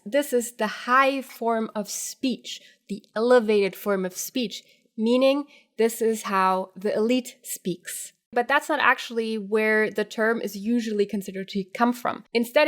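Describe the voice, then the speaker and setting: A woman's voice: on the high side, fairly bright tone. A woman whose first language is German, hosting a casual educational video and explaining language in a chatty way with asides. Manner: chatty, with asides and quick accent impressions. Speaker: German teacher and video host.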